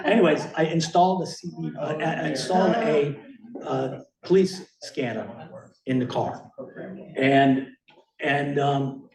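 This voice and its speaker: Older guest speaker, rambling and chuckling, mid-pitched voice, far-off echoey hall sound. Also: male voice. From Miami. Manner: rambling, many fillers, chuckling often. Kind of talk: casual talk presenting slides. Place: meeting hall with audience.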